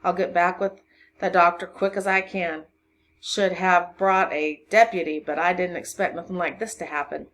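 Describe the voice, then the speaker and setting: A woman voicing a gruff rural male constable, loud and bossy with folksy country grammar. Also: on the low side, fairly even intonation, normal speed, natural voice.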